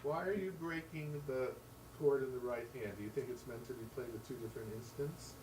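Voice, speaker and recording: A man's voice: medium pitch, fairly quick, a little hiss or hum. Man coaching piano in a roomy room. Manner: sings rhythms in syllables and counts beats aloud. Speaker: piano teacher. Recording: roomy sound, mic at a distance, loud piano. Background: piano playing.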